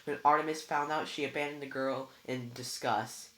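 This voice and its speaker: A reader voicing a scornful young male villain who talks smoothly and taunts, in a read-aloud book. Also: medium pitch, fairly even intonation, normal speed, sharp tone, lightly acted. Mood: taunting. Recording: roomy echo.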